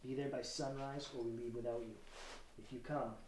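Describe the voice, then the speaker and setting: A man reading the part of a menacing male henchman with a deep, growly voice, giving curt orders over the phone. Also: level tone, moderate pace, darkish tone, a little hiss or hum, lightly acted. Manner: curt, commanding. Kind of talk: live script reading. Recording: roomy stage sound from far off.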